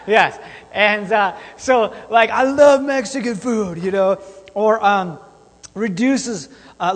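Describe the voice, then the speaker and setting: A man's voice: sits high, a bit bright. A man preaching a sermon in a casual, chatty way, bantering with his congregation. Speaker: pastor. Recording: long hall reverb.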